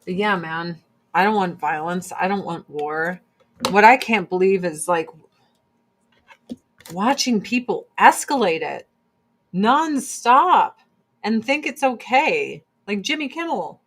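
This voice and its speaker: A woman's voice: mid-range voice, lively intonation, measured pace, slight background noise. A woman chatting casually and bluntly while doing her makeup, swearing freely as she gives her opinions. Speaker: streamer.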